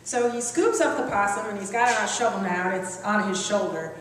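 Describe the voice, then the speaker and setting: A woman telling a lively, self-mocking comic story to a live audience. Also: mid-range voice, a little fast, a little hiss or hum. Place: large hall at a live evening event. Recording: echoey hall from far off.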